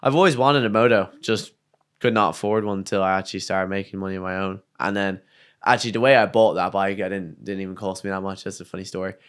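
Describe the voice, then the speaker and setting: A young man with an Irish accent, a podcast guest telling a story in casual chat, animated and swearing freely. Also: low-pitched, quick pace, clean tone. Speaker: podcast guest, downhill mountain bike racer.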